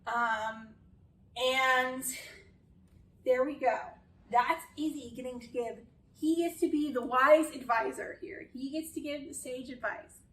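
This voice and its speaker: A woman's voice: high-pitched, a little slow, a bit bright, reverberant, distant mic, a little hiss or hum, low-quality recording. A woman chatting casually through a critique of a show, exasperated at times and swearing freely. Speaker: video essayist.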